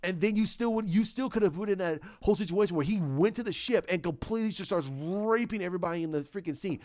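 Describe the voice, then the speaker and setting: A man giving a casual spoken movie review, excited and rambling, restarting and repeating his words. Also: sits high, fast talker, muffled recording. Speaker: film reviewer.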